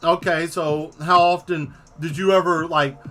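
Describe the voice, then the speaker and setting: Exasperated man ranting with a bright voice. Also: fairly high pitch, measured pace, faint music behind. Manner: exasperated, profane, animated retelling. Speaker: host. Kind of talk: casual storytelling rant.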